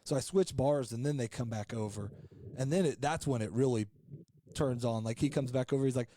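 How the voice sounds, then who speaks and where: Podcast regular, male, mellow voice, frank and jokey, rambles with fillers; dry recording. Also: medium pitch, fairly quick, no echo. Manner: rambling, loose, with many fillers and restarts. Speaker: podcast co-host. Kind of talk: casual storytelling chat.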